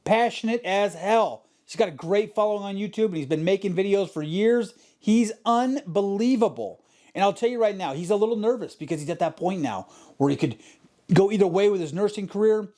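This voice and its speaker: A man's voice: high voice, a little fast, dark tone. Fired-up profane motivational podcaster man. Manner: emphatic, profane, repeats his points. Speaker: podcast host. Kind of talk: motivational monologue.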